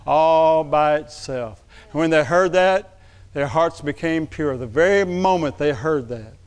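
A man with a high, smooth and resonant voice preaches a lively sermon. He drops to quiet, close asides and then swells into loud calls to the congregation. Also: unhurried. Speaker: pastor. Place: church sanctuary.

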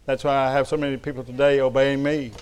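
A man's voice: medium pitch, flat delivery, fast, a little mellow, smooth. A middle-aged man preaching a sermon, telling folksy stories with humor. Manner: folksy storytelling with humor and Southern address. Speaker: pastor.

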